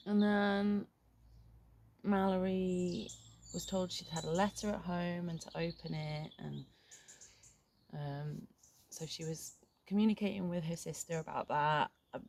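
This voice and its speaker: A middle-aged woman talking frankly in a reflective vlog, halting and swearing casually, recorded outdoors in a garden. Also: lowish voice, fairly even intonation, creaky, darkish tone, dry recording. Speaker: vlogger.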